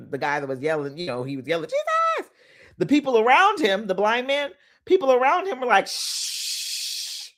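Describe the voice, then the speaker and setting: On the high side, this woman's voice belongs to a manifestation coach hosting a motivational talk. Animated, playful, and preachy, she laughs a lot and hollers to drive her points home.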